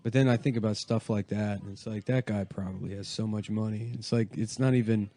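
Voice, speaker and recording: Low-key mumbling man riffing on a podcast. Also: steady tone, brisk, warm tone. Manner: low-key mumbling delivery, drifting into riffs. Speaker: podcast co-host. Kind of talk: casual comedy chat.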